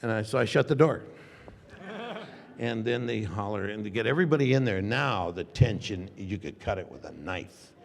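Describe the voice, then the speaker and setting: Older man, lively storyteller, gravelly voice. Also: fairly low pitch, moderate pace, slight background noise. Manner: acts out dialogue with shifting voices, laughs often. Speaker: convention panel guest. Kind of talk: animated storytelling anecdote. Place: large convention hall. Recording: long hall reverb.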